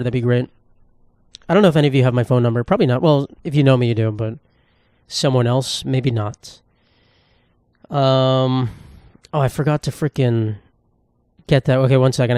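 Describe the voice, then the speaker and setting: A man's voice: mid-range voice, a little mellow, smooth, no room sound. A man in his twenties hosting a casual solo podcast, rambling and swearing, with sarcastic asides and a dry throat. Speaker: podcast host.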